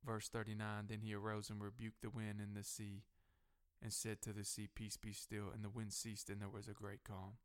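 A male pastor preaching a sermon who builds repeated refrains to higher, louder peaks and drops to a softer, slower voice for personal testimony. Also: completely flat delivery, clear, resonant tone.

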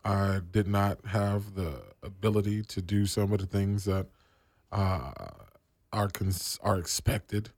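Low-voiced radio host guy from the east coast, laid back and slangy, dry close sound. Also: slow pace, no room sound. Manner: relaxed, slangy, with many fillers. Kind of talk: casual radio chat.

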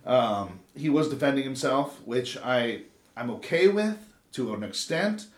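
A Los Angeles man in his thirties tells a long story in casual chat, rambling and full of swearing and asides. His voice sits at a middle pitch, with lively intonation and a measured pace. The roomy, echoey sound suggests a podcast taped in a bare room.

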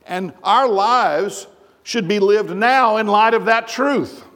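A man's voice: high-pitched, takes it slowly, a bit bright, in a large hall. A man preaching a sermon as pastor, emphatic and full of rhetorical questions. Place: church sanctuary.

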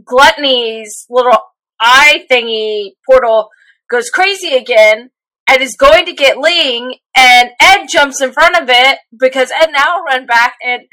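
A woman's voice: high-pitched, measured pace. A woman co-hosting a podcast, chatting casually and animatedly about an episode. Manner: animated, acts out reactions. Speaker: podcast co-host. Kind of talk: casual recap chat.

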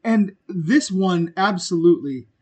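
A man with a notably high-pitched voice trades casual, profane movie opinions as a podcast co-host. He talks bluntly and with plenty of enthusiasm. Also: lively intonation, unhurried, a little mellow, slightly rough. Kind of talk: casual movie-review chat.

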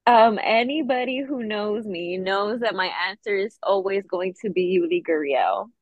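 A woman's voice: mid-range voice, dry recording, dull audio. A woman co-hosting a sports podcast, talking fondly and enthusiastically about a favorite player. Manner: fond, enthusiastic fan talk. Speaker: podcast co-host. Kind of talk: casual sports chat.

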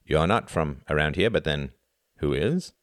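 A man's voice: a bass voice, lively intonation, unhurried, no room sound, clean studio sound. A man putting on a brittle, cynical woman. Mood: affected. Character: cynical, jittery thin party woman.

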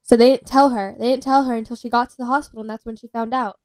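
A young woman in casual conversation with her cousins, speaking hesitantly and in fragments. Her voice sits a little high. The recording is dry and close. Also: steady tone, fast, a little mellow, dry recording. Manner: hesitant and fragmented, with many "like" fillers. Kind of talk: casual chat among cousins.

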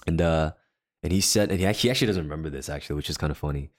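A man's voice: extremely low pitch, very fast. A man co-hosting a faith podcast, earnestly telling a personal story in a casual way, often restarting his sentences. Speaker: podcast co-host.

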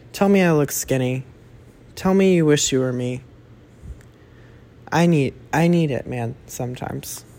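A man's voice: on the high side, a little mellow. A young man rambling through a casual solo monologue as a podcast host, chatty and self-correcting, swearing freely. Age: young adult.

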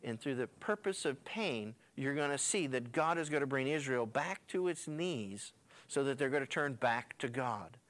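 A man's voice: mid-range voice, lively intonation, moderate pace, a bit bright. A male pastor teaching through a Bible passage in a folksy, colloquial storytelling style with slangy asides. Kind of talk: sermon retelling a Bible passage.

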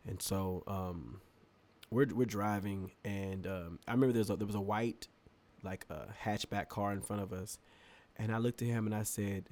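Here a podcast co-host talks in a lowish voice at normal speed. During a casual chat he animatedly recounts a long, funny story, repeatedly laughing and dramatizing other people's words.

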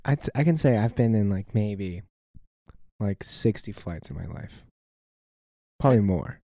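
A man's voice: on the low side, expressive, measured pace, dark tone, no echo, clean studio sound. A young man co-hosting a podcast, chatting in a laid-back, joking way. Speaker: podcast co-host. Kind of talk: casual chat.

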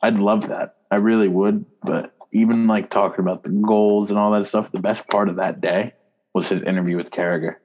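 A man's voice: lowish voice, steady tone, brisk, darkish tone. A young man co-hosting a casual sports podcast, jokey and slangy, laughing often. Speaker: podcast co-host.

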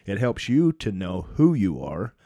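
A man co-hosting a podcast in a slightly low voice, reflecting aloud before putting questions to his guest. The sound is close and dry. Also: big pitch swings, unhurried, mellow, no echo. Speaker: podcast co-host. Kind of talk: podcast interview.

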